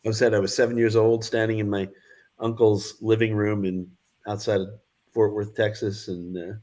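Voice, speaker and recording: A man's voice: fairly low pitch, little pitch movement, moderate pace, a little mellow. A man around sixty, a guest filmmaker, telling anecdotes in a casual interview and acting out the voices of the people in them.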